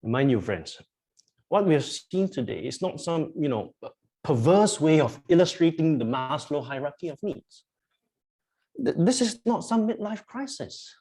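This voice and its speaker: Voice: medium pitch, very animated, a little slow, warm tone, slightly rough. A preacher giving a sermon to a congregation, emphatic and repetitive, often asking the listeners questions. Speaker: pastor. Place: church.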